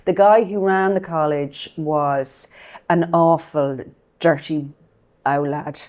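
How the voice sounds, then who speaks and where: A middle-aged woman co-hosting a relaxed talk show. She tells gossipy, blunt stories in an ordinary mid-range voice. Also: low-pitched, slow. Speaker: co-host. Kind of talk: casual chat.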